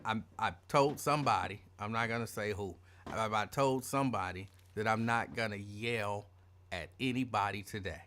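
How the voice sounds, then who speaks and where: A man hosting an afternoon show, calling out listeners' names with excitement and dropping into low, quick asides. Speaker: radio show host. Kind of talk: casual call-out greetings to listeners.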